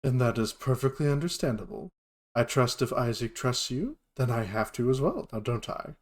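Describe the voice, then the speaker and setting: A man's voice: medium pitch, expressive, normal speed, natural voice. A man voicing a kindly old male dragonborn mentor with a genteel, welcoming manner. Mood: warm welcoming.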